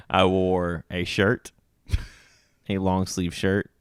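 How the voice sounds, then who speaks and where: A man co-hosting a podcast, telling work stories in a relaxed, swearing casual chat. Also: sits low, very slow, gravelly, smooth, no echo, studio quality. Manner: laid-back storyteller, swears freely. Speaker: podcast co-host.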